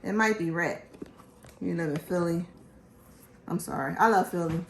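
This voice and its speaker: A woman from Philadelphia hosting a casual show, talking in an animated, joking, chatty way. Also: lowish voice, normal speed, gravelly, roomy sound, a little hiss or hum. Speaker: host. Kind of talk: casual chat.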